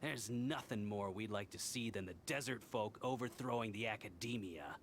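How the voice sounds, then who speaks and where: An actor playing a sly, mocking male tavern schemer in a game, smooth and taunting. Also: on the low side, normal speed, a little hiss or hum, natural voice. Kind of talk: game voice acting.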